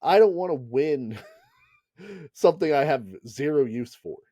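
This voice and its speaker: A man co-hosting a podcast chats casually, rambling and laughing often. His fairly high, mellow voice has lively intonation and a measured pace, and the studio recording is clean with no room sound.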